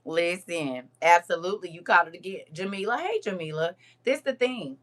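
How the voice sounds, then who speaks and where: A woman hosting a casual livestream, reading viewer comments aloud in a lively, teasing way and laughing often. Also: fairly low pitch, moderate pace.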